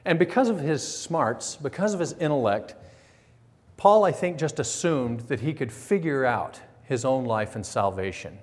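A male pastor delivers a sermon in lively storytelling fashion, slipping into quoted voices and firing rhetorical questions. His voice sits in an ordinary middle register. A long hall reverb trails behind every phrase. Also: medium pitch, normal speed, few pauses.

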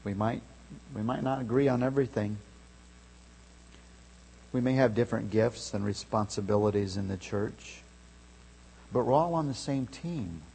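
A man preaching a sermon, telling a story with loud shouted calls at its peak. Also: lowish voice, moderate pace, creaky, long pauses, slightly rough. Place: church sanctuary. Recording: long reverb of a large hall.

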